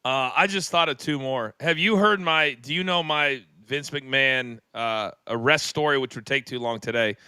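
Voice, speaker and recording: A man's voice: mid-range voice, normal speed, hardly any pauses, bright, forceful tone, clear, resonant tone, dry recording. An older man, a co-host of a talk show, telling a long story with dramatic flair and acted-out sound effects. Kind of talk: animated storytelling.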